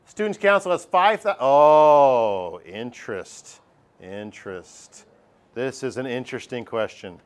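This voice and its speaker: A middle-aged man teaching a math class, lively and joking, acting out his students' voices. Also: mid-range voice, unhurried, hardly any pauses. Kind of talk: classroom lecture.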